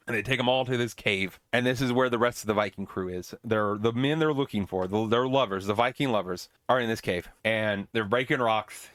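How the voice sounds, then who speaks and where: A man's voice: mid-range voice, fairly quick, hardly any pauses, a bit bright, no echo, clean studio sound. A man hosting a podcast, recapping an old film in a casual, rambling way with swearing and joking asides. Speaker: podcast host.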